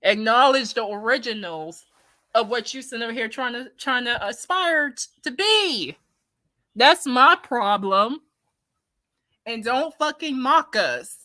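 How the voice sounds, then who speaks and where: A woman speaks with a bright, crisp tone. She rants bluntly and heatedly in casual commentary, swearing often and repeating her points. The sound is dry and close to the mic. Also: fairly high pitch, expressive, unhurried, no room sound. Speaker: commentary streamer. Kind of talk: casual opinion rant reading chat.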